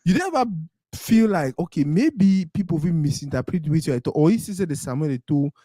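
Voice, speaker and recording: A man hosting an interview, relaxed and laughing as he asks questions. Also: fairly high pitch, a little fast, no room sound, studio quality. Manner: relaxed, laughing, backchannels a lot. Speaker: interviewer host. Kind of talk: casual interview chat.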